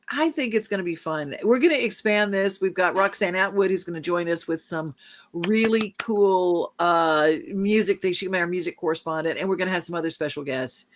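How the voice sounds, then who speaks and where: A woman's voice: fairly low pitch, moderate pace. Upbeat woman plugging her podcast. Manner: enthusiastic, promotional. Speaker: podcast co-host. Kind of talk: casual chat.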